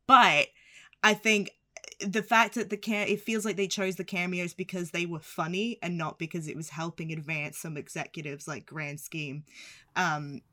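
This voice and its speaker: Bright-voiced woman chatting about film. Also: fairly low pitch, fairly even intonation, normal speed. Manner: chatty, laughing asides. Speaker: film reviewer. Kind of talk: casual chat.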